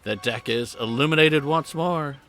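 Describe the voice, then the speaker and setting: A man voicing a cold, scheming male ship master in a game, with a raspy voice. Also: fairly high pitch, moderate pace, fairly bright tone, faint music behind, pitched above the performer's own voice. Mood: coldly menacing. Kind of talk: reading game dialogue aloud.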